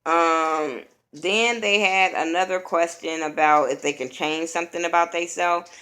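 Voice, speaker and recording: A woman's voice: on the low side, fairly even intonation, measured pace, fairly bright tone. A woman giving a blunt, profane, opinionated casual recap of a reality TV episode.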